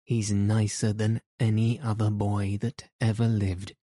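A man voicing a stubborn, sharp-tongued young girl with blunt, sour retorts. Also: lowish voice, level tone, measured pace, no room sound, studio quality. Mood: heated.

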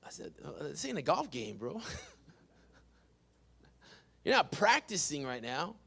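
A man preaching a sermon in a high, bright, forceful voice. He keeps tagging "amen" onto his points, alternating punchy emphatic lines with quiet, dropped-down asides. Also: big pitch swings, unhurried, gravelly, breathy edge. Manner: punctuates phrases with "amen", swings between loud emphatic bursts and hushed asides. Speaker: pastor.

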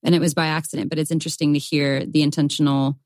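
Low-voiced woman co-host, candid and giggly. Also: flat delivery, fast, darkish tone, no room sound. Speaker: podcast co-host. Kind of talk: casual chat.

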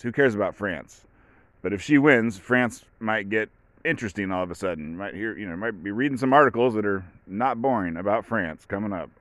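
A man with a fairly low voice talks through a solo podcast in a loose, offhand way, full of fillers. The sound is close and dry, with no room around it. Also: no room sound. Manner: rambling, offhand, with many fillers. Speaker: podcast host. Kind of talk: casual solo commentary.

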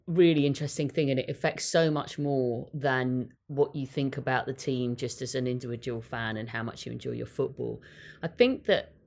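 Very low-voiced woman panelist. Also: a little mellow. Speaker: podcast panelist. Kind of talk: casual discussion.

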